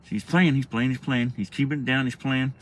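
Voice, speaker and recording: A man's voice: mid-range voice, steady tone, fairly quick, slight background noise. A middle-aged man telling a childhood story in a casual, rambling, profane way with many restarts.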